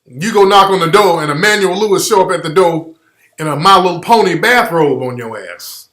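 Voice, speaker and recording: Brash comic storyteller, man, bright voice, echoey room. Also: high voice, brisk. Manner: loud, profane, animated riffing. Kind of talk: comedic storytelling on a podcast. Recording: roomy studio echo.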